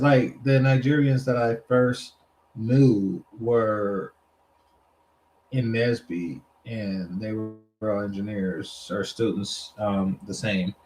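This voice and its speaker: A man's voice: on the low side, a little hiss or hum, poor audio. A man commenting on clips and reading viewer comments in a loose, rambling, profane way. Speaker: streamer reacting to clips. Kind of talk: casual commentary.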